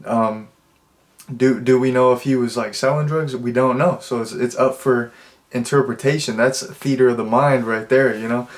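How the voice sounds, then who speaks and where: A man rambles through a relaxed, unscripted film review, packing nearly every phrase with "like." His tone stays amused and offhand as he restarts sentences and chases tangents. His voice has a middle pitch. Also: moderate pace. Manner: rambling, constant "like" fillers, amused. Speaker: movie reviewer. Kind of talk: casual unscripted monologue.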